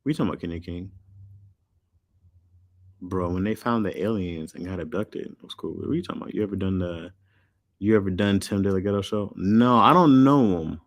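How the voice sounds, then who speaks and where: A man's voice: deep voice, brisk, no room sound. A man streaming live, chatting casually in loose slang and answering chat. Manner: loose slangy talk, reads chat aloud.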